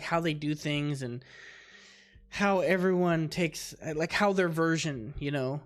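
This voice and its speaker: A male host in casual livestream chat, talking in a rambling way as he reacts out loud to clips. His voice sits a little high and moves up and down a lot. Soft music plays faintly behind him.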